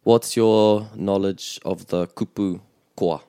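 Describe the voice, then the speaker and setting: A man hosting a bilingual language lesson, explaining in a measured way with small restarts. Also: low-pitched, steady tone, warm tone, clean tone, no room sound, studio quality. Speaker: te reo Māori teacher and podcast host.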